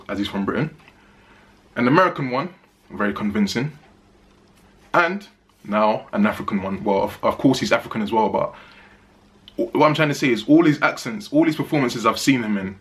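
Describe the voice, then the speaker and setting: A man giving a casual spoken movie review, chatty and emphatic, repeating phrases for stress. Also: mid-range voice.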